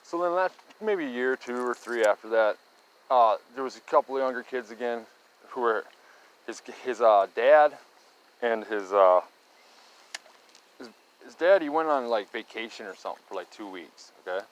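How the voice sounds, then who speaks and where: A man's voice: medium pitch, expressive, moderate pace, long pauses, low-quality recording. A middle-aged man casually telling a rambling story, often restarting and tagging lines with "right?" and "okay?". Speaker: storyteller recounting local sightings.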